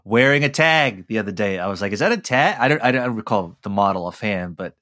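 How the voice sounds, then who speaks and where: A man with a somewhat low voice co-hosting a podcast. He talks casually and hesitantly, his sentences trailing off quietly. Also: fairly quick. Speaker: podcast co-host. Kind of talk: casual chat.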